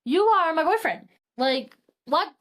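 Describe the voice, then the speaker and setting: Woman doing a dramatic young heroine in a high voice, exasperated. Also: fairly even intonation, normal speed, lightly acted. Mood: indignant.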